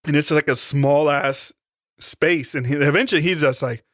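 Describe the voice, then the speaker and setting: Laid-back guy cussing through a movie recap, slightly high voice, dry close mic. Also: moderate pace, fairly bright tone, no echo. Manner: laid-back, profane, retells scenes. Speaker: podcast co-host. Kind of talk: casual movie chat.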